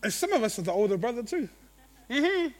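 Animated high-voiced male preacher. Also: racing. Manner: animated, acts out quotes, laughs at own jokes. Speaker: pastor. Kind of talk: sermon.

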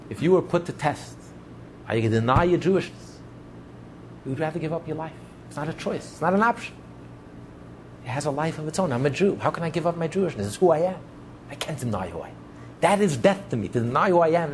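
A man's voice: fairly high pitch, slight background noise. A man preaching as a rabbi in an impassioned sermon, piling up repeated phrases for emphasis. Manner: repetitive, building emphatic lists.

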